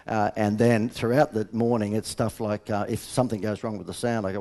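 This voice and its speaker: A man's voice: on the low side, fairly even intonation, quick pace, hardly any pauses, darkish tone. A middle-aged Australian man giving a live seminar talk as a business coach, blunt and joking as he tells stories. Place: seminar room.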